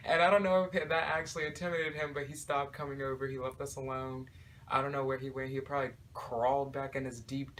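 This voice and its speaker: A young man at a middle pitch tells a story to his viewers, casual and animated, with "like" dropped in everywhere. Faint noise sits behind him. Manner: animated storytelling, many "like" fillers. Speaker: vlogger.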